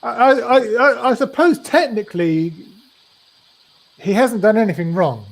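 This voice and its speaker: Slow, halting man with a higher voice. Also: lively intonation, poor audio. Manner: halting, many restarts and ums. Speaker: co-host. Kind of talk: casual political chat.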